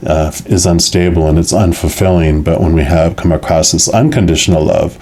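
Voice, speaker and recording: A man giving a weekly tarot reading to viewers, musing in a soft, loose way with lots of filler phrases. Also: deep voice, steady tone, brisk, hardly any pauses. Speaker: tarot reader.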